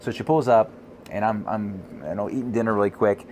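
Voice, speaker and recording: A man co-hosting a podcast, chatting casually, reading viewer comments and telling animated stories with frequent laughter. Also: fairly low pitch, fairly quick, a little hiss or hum. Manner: animated storytelling, laughs often. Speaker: podcast co-host.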